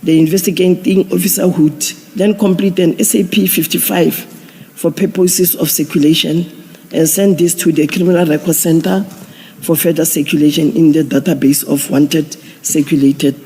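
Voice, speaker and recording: A man, a police general giving formal testimony at an inquiry, measured and procedural with frequent restarts. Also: on the high side, fairly even intonation, dark tone. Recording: long hall reverb.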